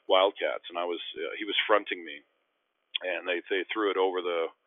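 A man's voice: sits low, fairly even intonation, moderate pace, dry recording. A man, a former pro basketball player, telling rambling, self-deprecating stories in a casual call. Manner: self-deprecating, rambling anecdotes with many restarts. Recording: tinny phone-line audio, dry.

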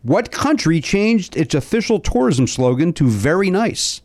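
Animated man hosting a trivia game. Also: a little high, moderate pace. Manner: animated, swears, mock rants. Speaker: host. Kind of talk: casual comedic banter.

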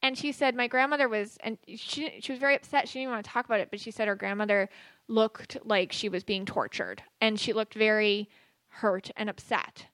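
A woman's voice: mid-range voice, fairly even intonation, fairly quick, fairly bright tone, no echo. A woman hosting a podcast, talking casually with many fillers and restarts. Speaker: podcast host and psychic medium. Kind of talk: casual spoken monologue.

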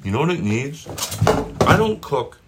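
Heavy background noise surrounds this man's mid-range voice, which swings widely in pitch and moves a little slowly. Recorded on a propped-up phone in his home kitchen, he eats and makes casual food talk about his cooking. He rambles, jokes, and keeps breaking off his own sentences.

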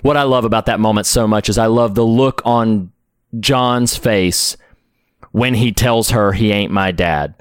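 Smooth-voiced man, enthusiastic podcast co-host. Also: fairly low pitch, unhurried, no room sound, studio quality. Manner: enthusiastic, heartfelt. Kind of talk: casual film discussion.

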